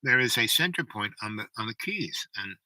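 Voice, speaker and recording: A man's voice: on the low side, animated, brisk, sharp tone, dry recording, poor audio. A man telling a personal story in a rambling way, full of asides and "you know, right?".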